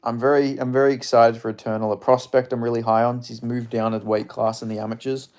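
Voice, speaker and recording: A young man, a streamer, giving excitable, swearing commentary as he watches a live fight and chats with viewers. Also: mid-range voice, quick pace. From Australia. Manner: excitable, swearing, chatty reactions.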